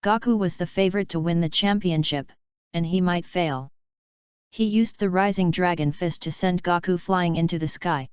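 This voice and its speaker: A woman narrating a fanfiction audiobook in a steady, even storytelling read. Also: lowish voice, moderate pace, clean tone, dry recording. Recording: slightly dull, lo-fi dry sound.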